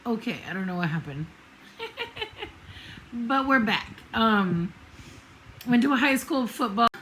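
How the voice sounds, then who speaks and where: A middle-aged woman vlogs casually about her road trip, rambling off on tangents and poking fun at herself, full of fillers and restarts. Her voice is a little high and fairly bright, expressive and a little slow. The recording is rough, with a little hiss or hum.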